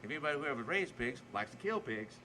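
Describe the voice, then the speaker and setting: A man's voice: mid-range voice, big pitch swings, quick pace, crowd noise, rough recording. A man with a Cajun Louisiana accent, talking as a podcast guest in a folksy, joking way, often repeating words as he starts sentences. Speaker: chef and guest. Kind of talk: casual podcast chat.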